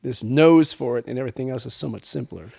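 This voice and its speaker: A man's voice: mid-range voice, quick pace, creaky. A man, a podcast guest, casually telling stories and acting out quoted conversations. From California. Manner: animated storyteller acting out quoted exchanges. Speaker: podcast guest, wine label owner. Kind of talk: casual storytelling chat.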